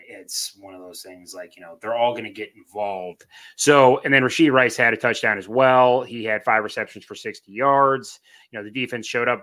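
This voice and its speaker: A man co-hosting a casual sports podcast, rambling through game stats with fillers and a phlegmy, throat-clearing voice. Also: lowish voice, pushed and bright. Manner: rambling, restarts and fillers, stat-heavy. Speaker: co-host, Chiefs fan.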